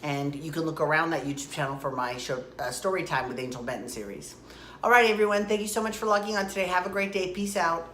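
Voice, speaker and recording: A woman's voice: sits low, lively intonation, quick pace, a bit bright, roomy sound, a little hiss or hum. A woman recapping a soap opera in a chatty, rambling way, tossing out rhetorical questions and side comments. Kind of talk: casual rambling recap monologue.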